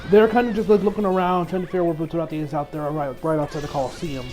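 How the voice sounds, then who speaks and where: A man's voice: a little high, steady tone, rapid-fire, darkish tone, faint music behind, rough recording. A man casually reviewing an anime episode, rambling with many restarts and frequent laughs.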